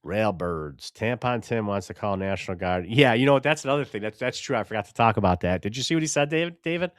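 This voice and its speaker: A man's voice: fairly low pitch, quick pace, no room sound. Co-host, male, brash rambling talker, dry close mic. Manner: loud, animated, rambling and profane. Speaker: podcast co-host. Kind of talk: casual live-stream banter.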